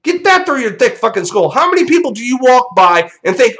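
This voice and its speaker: A man's voice: very high-pitched, sing-song, brisk, few pauses, fairly bright tone. A young man hosting a vlog, delivering a profane, combative rant straight to viewers. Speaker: channel host.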